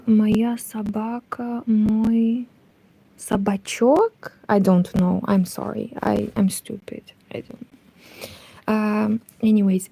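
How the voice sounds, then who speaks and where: A young woman chatting casually in a hushed, partly whispered voice while she crochets, rambling and correcting herself as she goes. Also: a little high, creaky, no room sound. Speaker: crochet vlogger.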